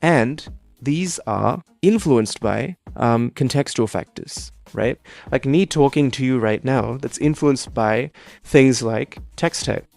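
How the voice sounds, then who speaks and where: A young man tutoring over a video call, his mid-pitched voice with a gravelly, fry-edged texture. He explains patiently and keeps checking in with "right?" after nearly every point. The sound is dry and close, with faint music underneath. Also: slow, darkish tone, no room sound. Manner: explanatory, tags most sentences with "right?". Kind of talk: casual one-on-one tutoring.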